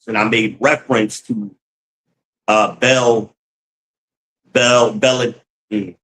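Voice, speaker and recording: A man's voice: lowish voice, fairly even intonation, takes it slowly, a bit bright, low-quality recording. A man hosting a livestream. He reads chat aloud, cusses freely, laughs often and calls his viewers y'all. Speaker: livestream host reading chat. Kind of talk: casual livestream commentary.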